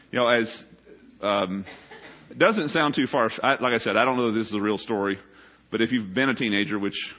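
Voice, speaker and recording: Male preacher, mid-pitched voice, wry conversational storytelling in a sermon, muffled lo-fi recording.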